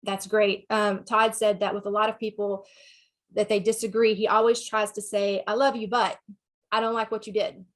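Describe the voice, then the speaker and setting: A woman's voice: mid-range voice, little pitch movement, normal speed. A woman with a Southern US accent, a sex therapist giving a talk and answering questions in a frank, conversational way.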